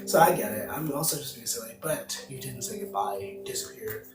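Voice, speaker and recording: A man's voice: mid-range voice, normal speed. A man hosting a tarot reading livestream, chatting loosely and answering viewer comments aloud as he goes. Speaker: tarot card reader, livestream host. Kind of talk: casual livestream chat. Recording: roomy, distant mic, music behind. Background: music playing.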